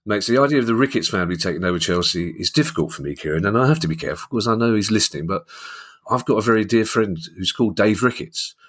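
Husky-voiced London man co-hosting. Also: on the low side, animated, fast. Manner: jokey, anecdotal. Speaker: podcast co-host. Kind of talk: casual chat.

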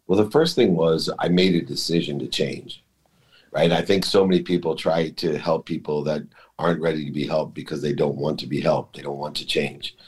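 Deep-voiced middle-aged male guest, confessional and emotional storyteller. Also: steady tone, normal speed, a little mellow, breathy edge. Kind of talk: personal storytelling in interview.

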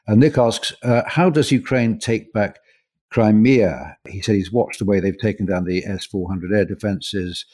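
A man's voice: on the low side, a little slow, warm tone. A man co-hosting a news podcast, chatting casually as he reads out listener messages with his own asides. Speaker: podcast co-host.

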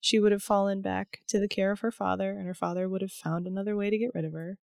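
A woman from the American Midwest co-hosting a podcast, chatting casually with wry quips and quick reactions. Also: medium pitch, level tone, vocal fry, no room sound, studio quality. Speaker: podcast co-host. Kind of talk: casual chat.

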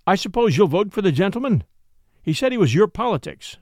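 A practical, friendly working-class wife, plain and matter-of-fact, read by a man. Her lines come across bright in pitch and close and dry in a storybook reading. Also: big pitch swings, brisk, no room sound.

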